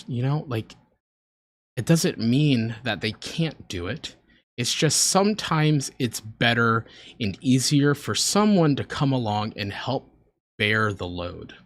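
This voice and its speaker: With a medium-pitched, animated voice and a slow pace, this American guy in about his twenties chats casually while reacting to videos on stream. He's earnest, tends to ramble, and gets emotional at times.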